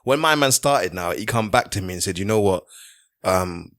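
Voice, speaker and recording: A man's voice: sits low, animated, moderate pace, fairly bright tone, no room sound, studio quality. A man telling a story in a casual podcast chat, with teasing asides. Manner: teasing, jokey interjections. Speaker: podcast co-host.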